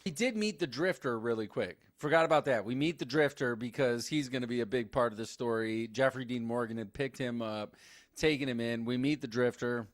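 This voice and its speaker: A man co-hosting a casual movie recap podcast, animated and swearing freely as he acts out scenes. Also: mid-range voice, brisk, no room sound, studio quality. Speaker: podcast co-host.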